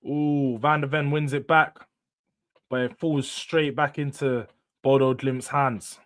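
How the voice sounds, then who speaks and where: A young man hosting a live football watchalong, chatting casually and excitably while yawning tiredly between bursts of reaction. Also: slow pace, no echo, studio quality. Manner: excitable, swings between hype and low-key mumbling, slangy. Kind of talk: casual live match commentary and chat.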